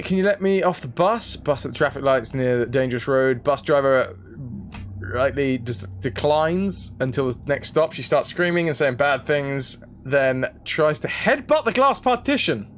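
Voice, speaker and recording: A young man streaming a game, telling stories and chatting with his viewers in a lively, casual way. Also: a little high, moderate pace, a little hiss or hum. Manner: animated, chatty storytelling to viewers. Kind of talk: casual chat while playing a game.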